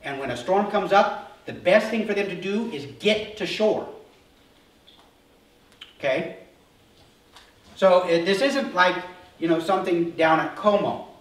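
A male pastor preaching a sermon, telling the story with animated energy and acting out voices before settling into calm, earnest teaching. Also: sits high, unhurried, long pauses. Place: church sanctuary. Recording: roomy hall from a distance.

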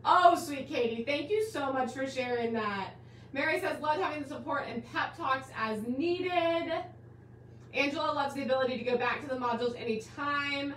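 A bubbly woman hosting a live online class, gushing over her viewers with a high, bright pitch. She sounds a bit distant from the mic, in a roomy space with a faint hiss behind her. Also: moderate pace. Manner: bubbly, gushing, calls viewers guys and my dear. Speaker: host of a live quilting class stream. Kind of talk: enthusiastic live-stream welcome.

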